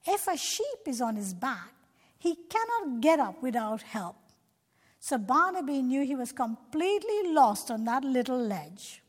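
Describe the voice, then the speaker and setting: A woman's voice: high voice, big pitch swings, a little slow. A woman narrating a Christian children's story expressively, talking directly to young listeners. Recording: long reverb.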